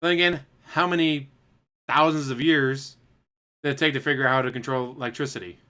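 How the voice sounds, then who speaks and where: Man, bright mid voice, casual speculative rambling, relaxed chat. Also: medium pitch, a little fast, clear, resonant tone. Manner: speculative, musing, chuckling asides.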